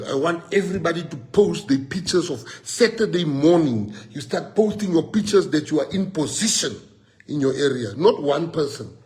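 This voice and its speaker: A middle-aged South African man giving a live-streamed rallying talk to party members, switching between Afrikaans and English and telling stories. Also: on the high side. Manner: mixes Afrikaans and English, storytelling.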